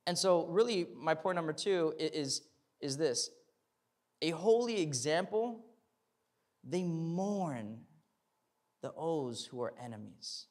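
A man's voice: a little high, animated, takes it slowly, long pauses, a little mellow. A young man preaching a sermon in a conversational way, with repeated words and tag questions, building to fervent emphasis. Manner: repeats words and restarts, uses "like" and "right?".

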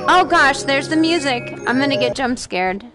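A woman with a high voice whose pitch jumps all over, talking slowly as she plays a frightening game. She gasps and exclaims again and again in fear. Game music plays clearly behind her. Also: expressive. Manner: scared, exclaiming, gasping, repeating herself. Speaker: mother playing a video game. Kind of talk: casual gameplay reactions.

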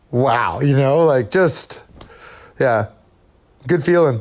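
A man's voice: medium pitch, expressive, takes it slowly, long pauses, a little mellow. A laid-back man, a podcast guest, chatting casually, swearing freely and trailing off mid-sentence. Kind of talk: casual chat.

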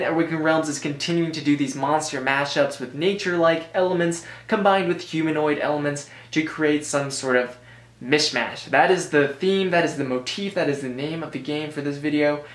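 An American man giving a casual review commentary, rambling with joking asides and frequent self-corrections. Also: on the high side. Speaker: board game reviewer. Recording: roomy echo.

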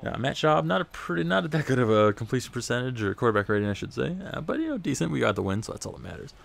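A man's voice: medium pitch, big pitch swings, fast, vocal fry. A man casually commenting over his football video game, rambling and self-deprecating, a bit out of breath. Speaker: gaming commentator.

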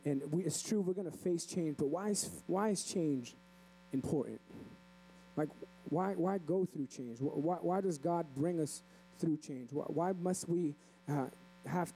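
Casting: male pastor, high but mellow voice, chatty preaching with restarts. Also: slight background noise, poor audio. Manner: conversational, repeats and restarts words. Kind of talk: sermon. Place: church.

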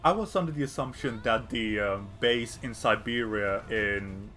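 A man co-hosting a film reaction video in casual chat, animated, swearing and laughing a lot. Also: lowish voice, a little slow, faint music behind.

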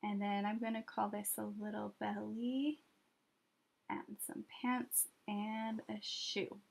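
A woman teaching children an art lesson step by step, patient and gently encouraging, often pausing as she draws. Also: mid-range voice, little pitch movement, creaky.

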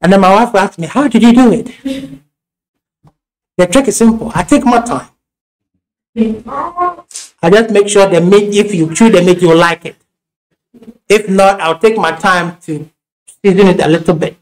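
This high-pitched pastor, speaking with a Ghanaian accent, tells homely tales during a church sermon, restarting often and breaking into laughter. He talks at normal speed but pauses frequently, and the recording is rough.

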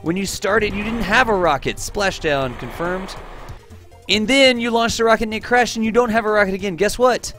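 Male streamer in his 30s, upbeat and talkative, slightly high pitch, faint music underneath. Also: moderate pace. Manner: chatty, excitable, reads chat aloud, laughs often. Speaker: livestream game host and teacher. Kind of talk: live gameplay streaming chat.

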